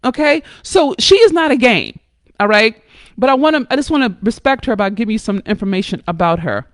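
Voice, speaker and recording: A woman hosting a live stream, talking in an emphatic, blunt and profane way, with sudden jumps up in pitch and loudness and frequent check-ins with her listeners. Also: expressive, fairly quick, no echo, clean studio sound. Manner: coaxing, checks in with listeners often. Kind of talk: impassioned live-stream talk.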